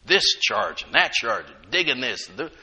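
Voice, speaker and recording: Lively preacher, bright voice. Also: male voice, mid-range voice, moderate pace. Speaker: pastor. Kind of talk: sermon.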